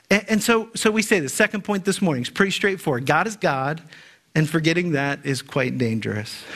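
A man preaching a sermon to his congregation, his voice sitting a little higher than most men's. He tells a parable, slows right down to land key lines, and presses the congregation with rhetorical questions. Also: fairly bright tone. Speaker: pastor. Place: church sanctuary.

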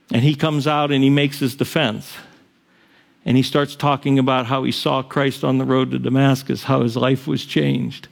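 A man's voice: on the high side, vocal fry. A male pastor preaching a sermon, retelling a story in a casual, conversational way with frequent asides.

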